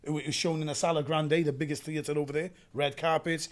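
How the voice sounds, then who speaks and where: A young adult Welsh man, an actor telling animated stories in a casual interview and acting out gunfire with sound effects. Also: on the high side, quick pace. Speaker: actor guest.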